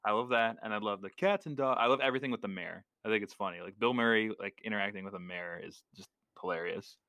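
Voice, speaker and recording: A man's voice: fairly low pitch, fast talker, pushed and bright, no echo. A man co-hosting a casual podcast, joking, laughing often and mimicking movie lines and sound effects. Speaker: podcast co-host. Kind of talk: casual chat.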